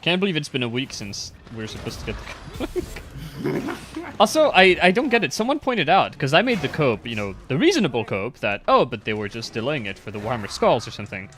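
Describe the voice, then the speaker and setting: A man streaming a game with friends, chatting casually and telling stories with lively, animated delivery. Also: brisk, slight background noise. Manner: animated storytelling, mimics others in high shouts. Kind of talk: casual gaming chat.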